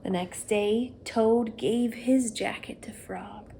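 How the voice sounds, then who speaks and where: A woman reading a children's picture book aloud, gentle and steady. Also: on the high side, creaky, a little hiss or hum. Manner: slow, gentle storytime reading. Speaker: storyteller. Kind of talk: children's read-aloud story.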